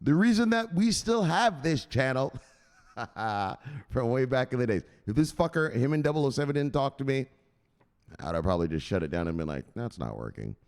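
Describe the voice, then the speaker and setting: A man hosting a casual livestream, giving loose, profane shoutouts to viewers with laughs along the way. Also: medium pitch, big pitch swings, fairly quick, long reverb tail. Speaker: host.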